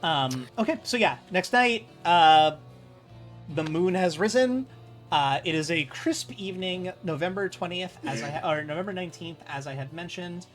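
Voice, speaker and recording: A man's voice: high-pitched, animated, normal speed, faint music behind. A man running a tabletop role-playing game as game master, casual and rambling, swearing freely.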